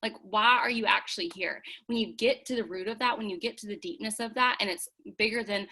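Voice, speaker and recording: Young woman, bright voice, chatty, filler-heavy, encouraging team leader. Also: mid-range voice, brisk, breathy edge. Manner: casual, chatty, lots of "like"; encouraging, earnest. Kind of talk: motivational team call. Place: home.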